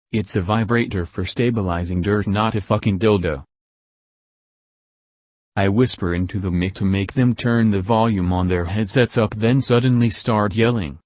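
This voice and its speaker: Low, dry-voiced male narrator. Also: steady tone, moderate pace, dry recording. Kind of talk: scripted narration of online posts.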